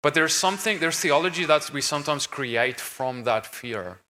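A man talks on a conference stage in an earnest, emphatic preaching tone, restarting his phrases as he goes. His voice is bright and set a little high. It rings out with a long reverb from a large hall. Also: lively intonation, normal speed. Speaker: conference speaker on deliverance ministry. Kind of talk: stage discussion.

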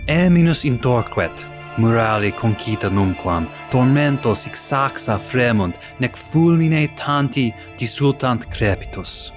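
Man declaiming poetry over music. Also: medium pitch. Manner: measured, declamatory recitation. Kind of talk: recited classical Latin poetry.

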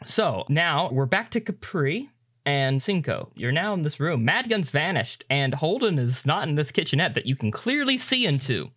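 A game master narrating a tabletop role-playing game in a quick, playful way. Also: mid-range voice, sing-song, fairly bright tone.

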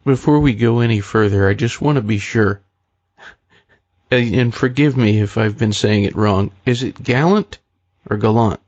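A man's voice: on the low side, moderate pace, a little mellow, no echo, highs cut off. A male radio host asking an interview guest questions politely.

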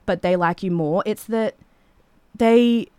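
A woman's voice: medium pitch, slow pace, mellow, smooth, dry recording. A woman, a singer who is a podcast guest, chatting casually and rambling, with many filler "like"s. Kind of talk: casual chat.

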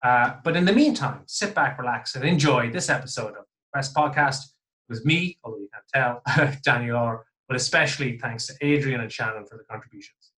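A man's voice: mid-range voice, fairly quick, pushed and bright. A man hosting a podcast, chatty and self-deprecating as he introduces his guests. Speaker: podcast host. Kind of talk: casual podcast chat.

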